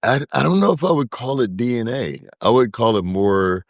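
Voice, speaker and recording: A man guest in a podcast interview, talking in a relaxed casual way and often repeating words as he searches for names. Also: medium pitch, moderate pace, no echo, clean studio sound. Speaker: podcast guest, brewery co-founder.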